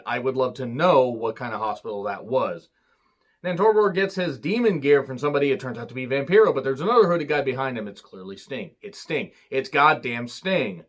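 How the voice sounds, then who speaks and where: Male reviewer, mid-pitched, casual and snarky, swears a lot, rambling recap delivery. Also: a bit bright. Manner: sarcastic, swears freely. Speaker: wrestling reviewer.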